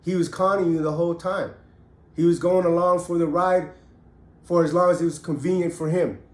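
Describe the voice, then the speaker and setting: Brisk and steady in tone, a slightly high male voice carries through a roomy space. The speaker, a middle-aged ex-convict, tells his own story with blunt, emphatic heat and free profanity.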